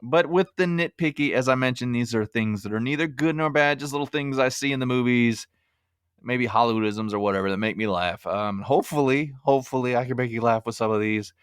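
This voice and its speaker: A man's voice: mid-range voice, fairly quick, clear, resonant tone, dry recording, clean studio sound. Wry man hosting a movie podcast. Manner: wry, self-mocking humor with chuckles. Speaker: podcast host. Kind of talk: casual movie review monologue.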